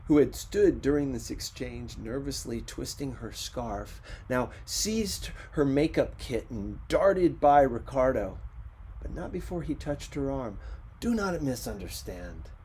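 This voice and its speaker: A man reading a short story aloud in slow, measured narration. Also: mid-range voice, animated, darkish tone, slightly rough. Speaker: reader. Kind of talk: audiobook narration.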